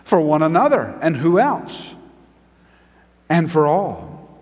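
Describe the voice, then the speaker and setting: A man preaching a sermon as pastor, repeating key phrases for emphasis and dropping to a hushed tone. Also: on the high side, big pitch swings, takes it slowly, long reverb tail.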